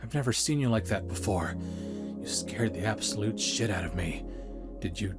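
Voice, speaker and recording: A man's voice: fairly low pitch, animated, moderate pace, over loud music, close to an everyday voice. A man doing a protective big bear. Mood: worried. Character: big protective male bear, the coyote's boyfriend.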